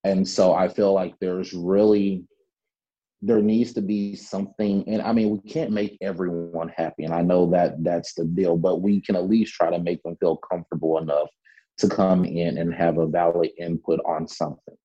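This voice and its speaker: Very deep man, husky and dark, muffled lo-fi audio. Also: steady tone, normal speed. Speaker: guest. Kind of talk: casual panel discussion.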